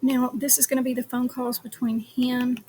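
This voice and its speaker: A woman's voice: a little high, moderate pace, slightly rough. A woman commenting on a trial and reading phone call transcripts aloud, with a hesitant manner and many ums. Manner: reads call transcripts in a flat, even tone. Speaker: true crime commentator.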